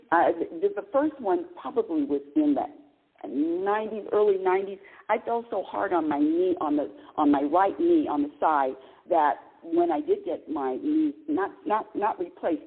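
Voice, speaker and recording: A woman in her sixties hosts a talk radio show and tells stories in an animated, exclamation-filled way, her pitch swooping widely. Her voice has a husky edge. The sound is thin and tinny, like a phone line. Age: 60s. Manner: animated storytelling with laughs and exclamations. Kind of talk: casual spiritual talk radio monologue.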